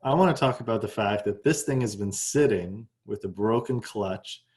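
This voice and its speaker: A man's voice: lowish voice, moderate pace, darkish tone. A man interviewing a guest on a video call, teasing him playfully.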